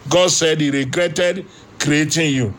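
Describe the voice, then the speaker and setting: A man preaching, calling himself a prophet, impassioned, repeating his lines and at times shouting. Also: on the high side, unhurried. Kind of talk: sermon.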